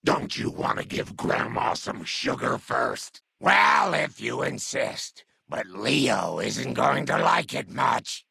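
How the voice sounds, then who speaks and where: A man voicing a kindly, muddled old grandmother super mutant in a game dub, raspy and doting, who calls everyone dearie. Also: medium pitch, very animated, takes it slowly, few pauses, pushed and bright, no room sound, full character voice. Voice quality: gravelly, raspy.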